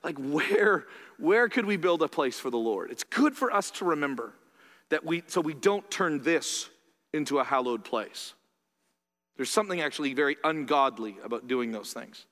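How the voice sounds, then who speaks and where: A male pastor preaching a sermon in a church, conversational and animated, with quick asides to the congregation. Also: fairly high pitch. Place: church sanctuary. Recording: reverberant church hall.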